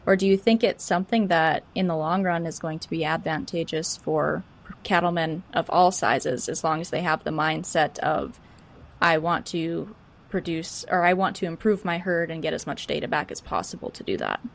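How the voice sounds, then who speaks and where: Low-voiced woman host asking questions. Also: moderate pace, creaky. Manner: asks long, framing questions. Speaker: podcast host. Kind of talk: interview questions.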